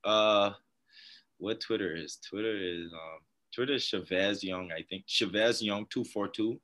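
A young man, a guest on a podcast, telling stories in a laid-back, soft-spoken way with frequent laughs. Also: fairly low pitch, steady tone, unhurried. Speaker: guest, professional baseball player. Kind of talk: casual interview chat.

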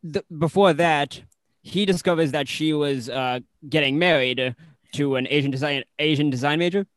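A man retells movie scenes in a casual chat, quoting the characters and dropping in dry corrections. His voice is a little high for a man, recorded close with a dry sound. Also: moderate pace, a bit bright, no echo. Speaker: podcast co-host.

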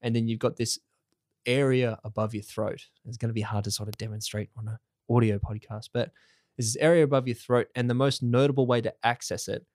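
A man's voice: medium pitch, steady tone, brisk, darkish tone, no echo, studio quality. A man hosting a casual podcast chat, rambling and swearing with many fillers. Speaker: podcast host.

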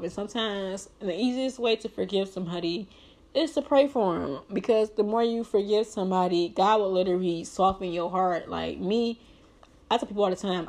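A woman's voice: mid-range voice, vocal fry, a little mellow. An earnest young woman speaks straight to her viewers. Her talk is heartfelt and encouraging, full of "like" and sermon-style pep talk. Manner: earnest, heavy use of "like", preachy encouragement. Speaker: vlogger.

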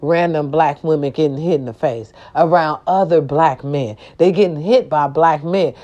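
A woman's voice: deep voice, normal speed, warm tone, muffled recording. A woman delivering an impassioned vlog rant. She is blunt and profane, and she repeats her phrases for emphasis. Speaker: vlogger.

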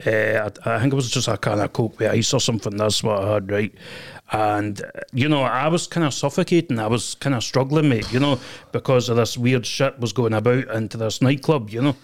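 A man's voice: mid-range voice, fairly quick. A man, a podcast guest telling a rambling story in casual chat, full of fillers and repeated phrases.

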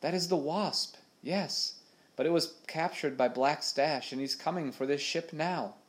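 A man reading aloud, voicing a frightened but determined young girl in a high, urgent voice. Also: a little slow, natural voice.

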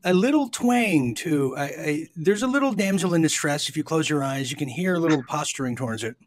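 A man's voice: fairly high pitch, expressive, brisk, no echo. A man hosting a call-in show, joking and stammering through casual chat. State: sweating. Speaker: host.

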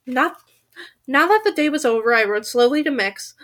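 Woman reading a book aloud, lively delivery with small slips, bright tone. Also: sits high, normal speed. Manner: expressive, with small stumbles and restarts. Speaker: reader.

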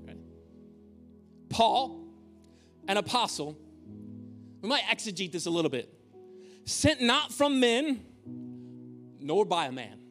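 A man's voice: high-pitched, a bit bright. A male pastor preaching a sermon in a church, conversational, with humorous asides. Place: church auditorium.

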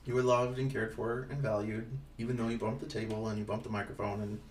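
A man's voice: on the low side, little pitch movement, fast. A man co-hosting a casual podcast as a father, talking in a rambling, playful way with lots of ums and restarts. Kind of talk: casual chat. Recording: echoey room, distant from the mic, faint noise.

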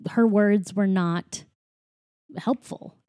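Chatty woman with a dark, dry voice. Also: medium pitch, fairly even intonation, extremely slow, no room sound. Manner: chatty, lots of "like" and "you know", giggly. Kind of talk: casual movie recap chat.

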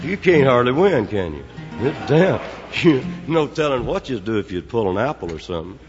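A man's voice: mid-range voice, big pitch swings, normal speed. A man performing live on a prison concert stage, telling a rambling, joking story between songs. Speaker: performing singer. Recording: echoey, muffled live concert recording. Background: guitar music.

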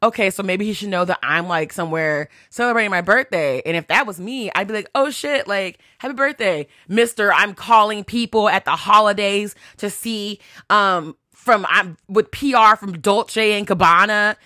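A woman's voice: medium pitch, moderate pace, hardly any pauses, dry recording, clean studio sound. A woman hosting a podcast and telling a story in a chatty way. She swears freely and reads out text messages. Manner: chatty, animated retelling, quotes texts aloud, swears freely. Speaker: podcast host. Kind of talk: casual storytelling.

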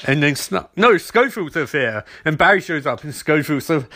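Man, sarcastic recap host, rambling, slightly high voice. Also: animated, moderate pace, few pauses, pushed and bright. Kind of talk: comedic TV episode recap.

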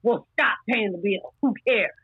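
A woman's voice: moderate pace, slightly rough, no echo, phone-quality sound. A middle-aged woman talking in a podcast chat, acting out both sides of a quarrel as she tells it. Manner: acts out both sides of an argument with rising pitch. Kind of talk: animated storytelling in casual chat.

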